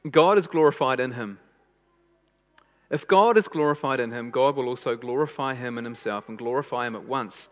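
A man's voice: mid-range voice, normal speed. A man preaching a sermon in an earnest way, repeating phrases for emphasis. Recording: long hall reverb.

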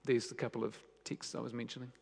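A male preacher speaks at an ordinary pitch. He tells his stories by dropping to hushed lines and then rising into emphatic questions, and his voice rings out with a long hall reverb behind it. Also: level tone, fast talker, vocal fry, slightly rough. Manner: storytelling, shifts between soft hushed lines and raised emphatic questions. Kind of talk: sermon.

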